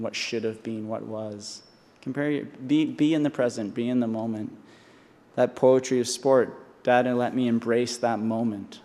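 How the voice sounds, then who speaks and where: Brief: man, 40s, earnest graduation speaker, mid-pitched voice, podium mic, long hall echo. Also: dark tone. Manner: earnest, with restarts and repetitions. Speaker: honorary doctorate speaker. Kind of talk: commencement speech. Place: large convocation hall.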